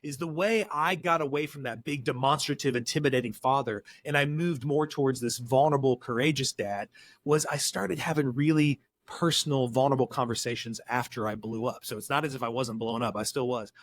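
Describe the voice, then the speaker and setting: Guesting on a podcast, a middle-aged man who works as a counselor speaks earnestly and with emphasis, acting out dialogue as he tells stories. His voice is mid-range and a little fast, with no room sound.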